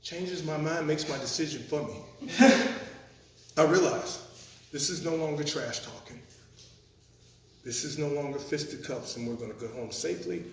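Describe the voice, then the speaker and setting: A man telling a comic story at a live storytelling performance, animated and acting out the scenes. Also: a little high, moderate pace, long pauses, a little hiss or hum. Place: performance venue. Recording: echoey room, mic at a distance.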